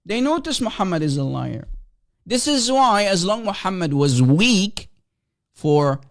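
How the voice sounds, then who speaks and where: Man, livestream host, high voice, gravelly fry, mocking, combative monologue. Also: sing-song, a little slow. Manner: mocking, taunting, rhetorical questions.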